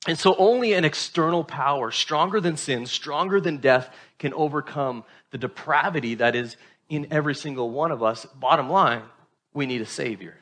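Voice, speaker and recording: A man's voice: fairly high pitch, normal speed, fairly bright tone. A man pastor preaching a sermon, conversational in tone, often checking in with the congregation by asking "right?".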